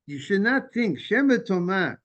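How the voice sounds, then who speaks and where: A man teaching a Talmud class in a casual, halting way, repeating words and restarting sentences while greeting students. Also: high voice, very animated, a bit bright. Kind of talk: informal Talmud lesson.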